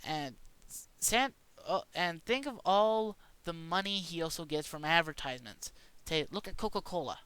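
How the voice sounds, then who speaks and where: A man's voice: on the high side, lively intonation, moderate pace, sharp tone, clear, resonant tone. A man rambling through a mock-serious conspiracy rant in a casual monologue, stumbling and restarting often. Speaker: vlogger.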